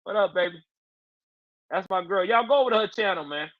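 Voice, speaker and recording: High-pitched dude rambling casually on his livestream, slangy, dry room, kinda muffled audio. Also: a little fast, no echo. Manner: loose, slangy, reads out chat replies. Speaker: livestream host.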